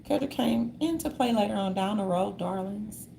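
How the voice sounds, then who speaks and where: A woman in a casual monologue, reading from notes in a sassy manner and calling listeners darlings, with a gravelly voice. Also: mid-range voice, normal speed, warm tone, a little hiss or hum.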